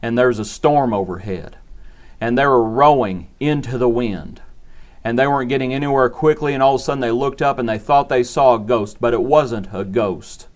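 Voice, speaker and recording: A man's voice: medium pitch, normal speed. A man preaching a short devotional sermon in an earnest, repetitive cadence.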